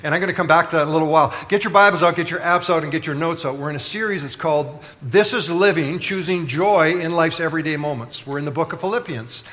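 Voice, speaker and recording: A man's voice: on the high side, fast talker, few pauses, a bit bright. A man preaching a sermon as pastor, telling stories in a playful, conversational way and bantering with the congregation. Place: large church auditorium.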